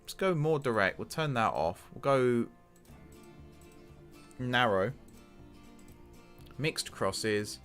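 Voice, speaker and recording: Speaking slowly, with long pauses, in a medium-pitched voice, a man commentates a football management game for his gaming channel. He's excitable, talking straight to the players to push them on, while faint music plays.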